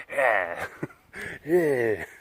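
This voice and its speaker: In this casual vlog from a big cat sanctuary, the man's mid-range voice sounds a bit bright and slightly rough, and the recording is dry. He strolls the outdoor compound chatting, cracking jokes and cooing at the animals.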